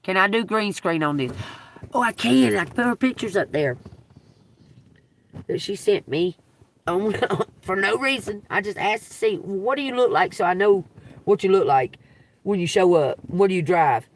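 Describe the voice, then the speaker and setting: A woman streaming live from her phone, telling a story in an animated, emphatic and profane way. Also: medium pitch, normal speed, pauses often, a little hiss or hum. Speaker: livestreaming tarot reader. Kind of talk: casual livestream storytelling.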